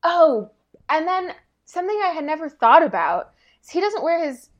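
A woman's voice: extremely high pitch, big pitch swings, moderate pace, lo-fi sound. A young woman chatting casually, telling a long story with lots of fillers and frequent laughter. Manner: rambling storyteller, laughs often, many fillers. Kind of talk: casual chat.

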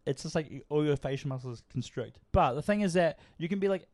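A man's voice: fairly high pitch, expressive, brisk, darkish tone, slight background noise. A young man co-hosting a podcast in casual chat, swearing often, laughing and rambling through stories. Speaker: podcast co-host.

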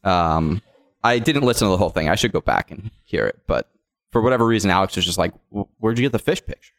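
A man's voice: sits low, expressive, quick pace. A man hosting a podcast and running a guessing game for his co-hosts, talking loosely in casual chat with plenty of fillers. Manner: loose, rambling, lots of fillers.

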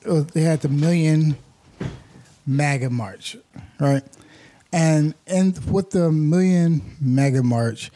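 Male podcast co-host, mellow voice, dry close sound, rambling explainer. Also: fairly high pitch, slow, dry recording. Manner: rambling, restarts sentences while explaining, laughs at his own points. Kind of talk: casual chat.

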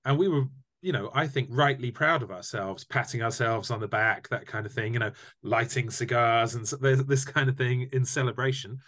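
Guy telling stories on a podcast, animated, average pitch, keeps restarting his sentences. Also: normal speed. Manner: animated anecdotes, repeats words when restarting. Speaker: guest, tour company founder. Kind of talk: casual storytelling chat.

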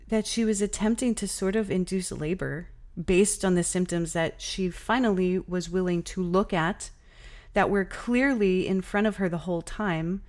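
A woman's voice: medium pitch, a little mellow. A young woman hosting a podcast, candidly telling a personal story in a casual, exasperated way, with many fillers. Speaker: podcast host.

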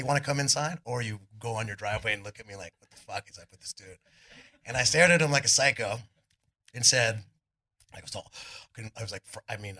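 Husky-voiced man telling stories onstage. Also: medium pitch. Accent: Californian. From California. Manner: rambling, animated storyteller, acts out quotes loudly. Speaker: guest, rock singer. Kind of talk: live on-stage storytelling interview. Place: club stage before a live audience.

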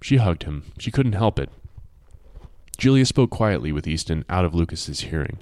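A man with a deep voice narrates an audiobook in a measured, expressive storytelling style, with no echo in the recording.

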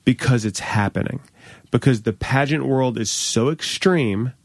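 A man's voice: medium pitch, measured pace, dry recording. A man in casual chat, joking and self-deprecating as he tells stories.

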